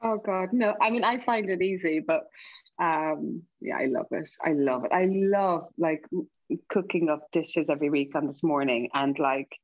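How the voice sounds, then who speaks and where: Lively Irish woman telling a story. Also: normal speed, no echo. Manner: animated, acts out quoted dialogue with big pitch jumps. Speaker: TV cook and podcast guest. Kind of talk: casual storytelling chat. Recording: slightly dull, lo-fi podcast audio.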